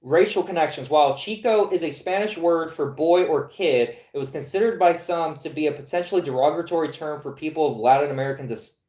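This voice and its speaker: A woman's voice: sits low, a little fast, hardly any pauses, warm tone, echoey room. A woman in her twenties chatting casually, profane and incredulous, stammering over restarts as she reads aloud. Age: 20s. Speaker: comics podcast host. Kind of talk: casual rambling commentary, reading aloud from a screen.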